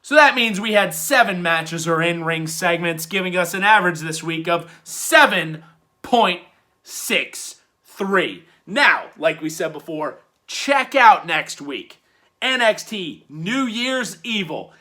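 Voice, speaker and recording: A man hosting a weekly wrestling review in casual commentary, swinging from loud hyped bursts to low muttered asides. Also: animated, slow pace.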